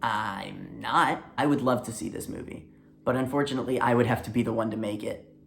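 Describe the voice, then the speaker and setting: A man hosting a comedy video, giving deadpan, sardonic commentary. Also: medium pitch, a little fast, vocal fry, a little hiss or hum.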